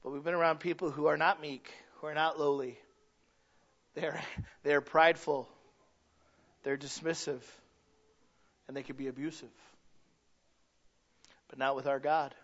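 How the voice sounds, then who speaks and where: High-pitched guy preaching, chatty, asks the crowd stuff, kinda dull lo-fi sound. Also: level tone, a little slow, long pauses, fairly bright tone. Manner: conversational preaching, asks the congregation questions, acts out little quoted voices. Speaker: pastor. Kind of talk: sermon.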